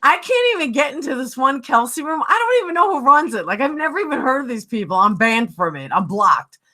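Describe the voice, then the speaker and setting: A woman's voice: high-pitched, sing-song, a little fast, bright, forceful tone. A woman with a New York accent hosting a livestream chat, telling heated stories bluntly and swearing freely. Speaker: livestream host.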